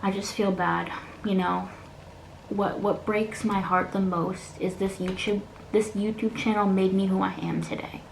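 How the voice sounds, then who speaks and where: A woman speaks in a personal vlog, earnest and halting, at times falling to a near-whisper as she holds back tears. Her voice has a gravelly fry. The room is echoey, with a faint hiss of noise behind her. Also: medium pitch, fairly even intonation. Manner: earnest, halting, often drops to a soft whisper. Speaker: beauty vlogger.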